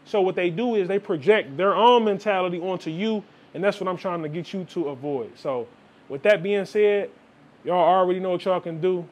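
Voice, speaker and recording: A young man with a high, light voice, talking straight to his viewers. He lectures in a loose, preachy way and keeps throwing in "man" and "like". It is a casual motivational vlog monologue. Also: moderate pace. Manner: preachy, repeats "man" and "like", quotes people in asides. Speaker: vlogger.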